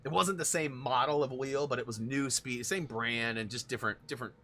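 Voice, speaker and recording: A man's voice: mid-range voice, brisk, a bit bright, slight background noise. A man hosting a gaming stream, chatting casually and rambling through long stories with frequent laughs. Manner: rambling storyteller, laughs often. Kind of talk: casual chat while gaming.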